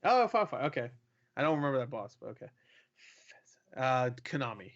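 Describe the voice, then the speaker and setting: A man's voice: medium pitch, very animated, fairly quick. Podcast co-host, male, casual and foul-mouthed, slightly lo-fi sound. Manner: loose, profane, jokey. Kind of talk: casual gaming podcast banter.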